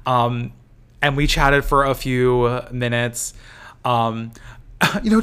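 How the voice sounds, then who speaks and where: A man's voice: mid-range voice, slow pace, a bit bright, clean tone. A man hosting a podcast, in casual chat that is rambling and profane. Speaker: podcast host.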